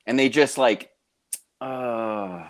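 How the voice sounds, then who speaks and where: A man co-hosting a casual podcast chat, telling a story in an animated way. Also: mid-range voice, moderate pace, dry recording, studio quality. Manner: animated storyteller who acts out quoted voices. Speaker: podcast co-host, mission trip leader.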